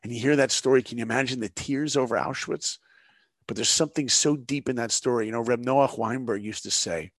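Gravelly-voiced man telling stories. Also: mid-range voice, a little fast, dry recording, studio quality. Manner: animated, emphatic storyteller. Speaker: guest storyteller. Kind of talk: storytelling interview.

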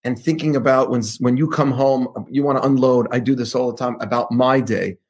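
A man's voice: medium pitch, steady tone, a little fast, a little mellow, breathy edge. A man, a rabbi hosting an interview, asking thoughtful questions and dropping in Hebrew terms. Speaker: rabbi and podcast host. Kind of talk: interview conversation.

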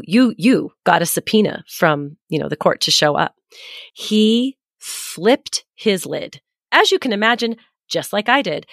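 A woman in her forties hosts a parenting podcast, candidly and reflectively telling a personal story and acting out what people said. Her medium-pitched voice is a bit bright, recorded at studio quality with no echo.

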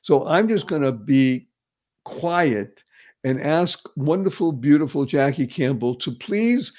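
A man's voice: a little high, expressive, slow, darkish tone. A man hosting a motivational talk show, enthusiastic and effusive, repeating phrases for emphasis. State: paralyzed for years. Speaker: show host.

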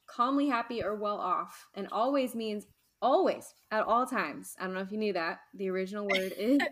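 A woman's voice: medium pitch, moderate pace. Reflective, self-deprecating woman co-host. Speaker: podcast co-host. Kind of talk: casual podcast chat.

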